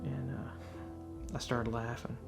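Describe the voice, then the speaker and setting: A man speaks in a candid, reflective way, telling his personal testimony. His mid-pitched voice is deeply gravelly, full of vocal fry. Faint guitar music plays quietly behind him. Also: level tone, takes it slowly. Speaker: speaker sharing a faith testimony.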